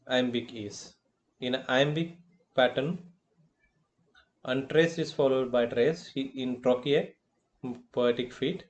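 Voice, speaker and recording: Slow, deliberate Indian English lecturer. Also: male voice, mid-range voice. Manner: slow and deliberate, repeating terms with filler phrases. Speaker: college lecturer. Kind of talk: recorded classroom lecture.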